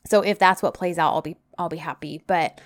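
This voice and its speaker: A young adult woman co-hosting a podcast, telling a story in a chatty, animated way with many fillers. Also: on the low side, brisk, no room sound, clean studio sound. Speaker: podcast co-host. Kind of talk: casual chat.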